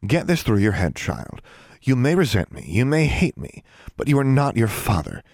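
A man voicing a stern, icy older female witch inquisitor, calm and clipped, in a dry, close recording. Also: deep voice, a little fast, husky, no room sound, exaggerated voice. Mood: warning. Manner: cold, clipped, calmly threatening. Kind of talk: audiobook character reading.

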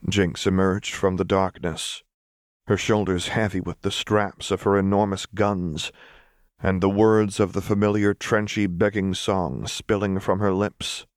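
A man reading a fan-fiction story aloud as a steady, measured narrator. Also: low-pitched, clean tone, no echo, studio quality. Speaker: audiobook reader. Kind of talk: scripted narration.

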